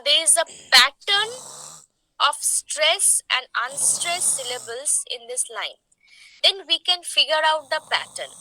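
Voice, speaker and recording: Lady teaching poetry meter, slow and careful, asks questions back, dry sound. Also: high voice, bright, forceful tone, no room sound, rough recording. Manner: slow, deliberate explaining with rhetorical questions.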